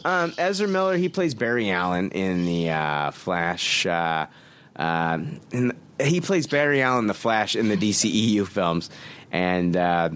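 A man's voice: deep voice, big pitch swings, unhurried, a bit bright, smooth. A man hosting a podcast, ranting in an exasperated, sarcastic and profane way. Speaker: podcast host. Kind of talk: casual chat.

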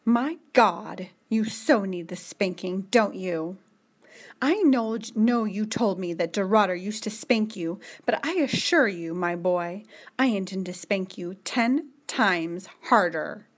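A woman voicing a stern, commanding middle-aged woman who speaks in brisk, scolding orders. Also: mid-range voice.

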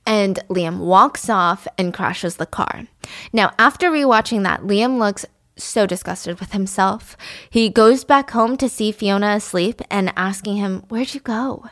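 A chatty woman host retells a story in a relaxed, animated way with plenty of swearing. Her voice is mid-pitched and dry, close to the mic. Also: unhurried, no echo. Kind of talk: casual story recap.

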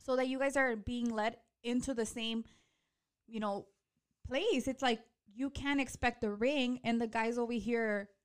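Calm, practical woman in her early thirties. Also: fairly high pitch, measured pace, clear, resonant tone. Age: early 30s. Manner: calm, practical, mixes in Spanish. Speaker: podcast co-host. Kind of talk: casual chat.

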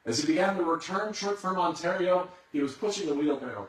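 A man's voice: sits high, a little fast, hardly any pauses. A man preaching a sermon as a dramatic storyteller who builds suspense. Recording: echoey hall, far from the mic.

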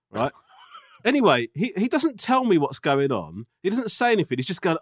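A man, a podcast co-host, telling an anecdote in casual chat, animated and swearing, checking in with "right?". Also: high voice, brisk, no echo, studio quality.

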